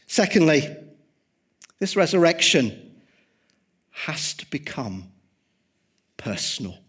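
A man preaching a sermon, swinging from loud emphasis to hushed, quiet tones. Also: fairly high pitch.

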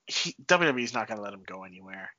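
A man co-hosting a casual podcast, steering topics with animated, halting talk. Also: lowish voice, no echo. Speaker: podcast co-host. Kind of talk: casual chat. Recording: dull lo-fi sound.

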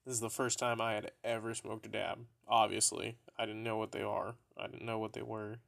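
A man's voice: lowish voice, little pitch movement, brisk, creaky, a bit bright. A young man hosting a podcast, telling a story in a laid-back, profane way and laughing often as he goes. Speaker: podcast host. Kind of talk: casual storytelling.

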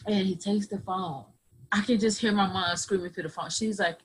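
A woman's voice: mid-range voice, fairly even intonation, moderate pace, slightly rough, low-quality recording. A woman guest on a podcast, telling her own story earnestly and acting out other people's words in dialogue. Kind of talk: personal storytelling.

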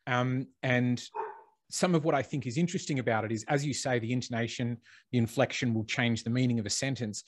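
A man's voice: medium pitch, a little fast, dry recording, studio quality. A man, talking thoughtfully in a casual conversation and building on ideas with playful asides. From Australia.

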